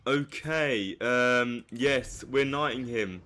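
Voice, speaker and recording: A young man giving live commentary on a strategy game, swinging from low muttering to hyped outbursts. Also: normal speed, a bit bright, soft background music. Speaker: streamer.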